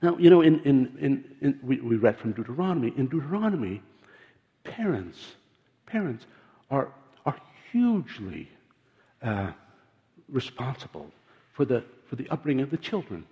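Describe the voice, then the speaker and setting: An older man preaching with earnest, halting delivery, stumbling over repeated words. His voice rings out in a long hall reverb, and the recording sounds dull and muffled. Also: medium pitch, very animated. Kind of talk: sermon.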